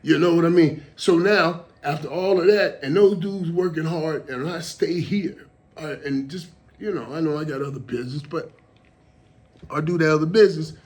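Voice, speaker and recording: A man's voice: fairly high pitch, moderate pace, darkish tone. Emotional rambling man, casual talk. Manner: emotional, rambling, repeats words. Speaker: show host.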